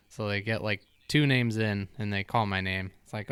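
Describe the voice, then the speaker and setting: A man's voice: lowish voice, fairly even intonation, normal speed, a bit bright, clear, resonant tone, dry recording. A man co-hosting a podcast, telling a story in a chatty, self-mocking way. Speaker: podcast co-host. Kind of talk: casual storytelling.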